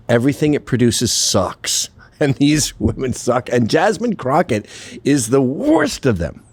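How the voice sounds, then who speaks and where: This host delivers a sarcastic, profane monologue in a casual commentary style, laughing at his own jokes. He has a mid-range, darkish voice, and there's no echo.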